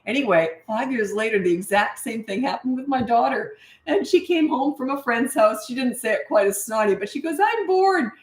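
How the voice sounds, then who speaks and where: A woman's voice: a little high, fairly quick. A middle-aged woman from Canada, a parenting coach, chatting casually on a live stream, laughing often and giving blunt, no-nonsense advice. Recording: echoey room.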